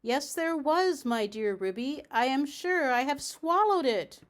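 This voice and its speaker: A high, anxious lady dog who frets and wails at every worry, as a woman reading a storybook puts her on. her voice climbs well above the narration and swells louder when she panics. a storybook figure, polite on the surface and dramatic underneath. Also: lively intonation, unhurried. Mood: anxious, wailing.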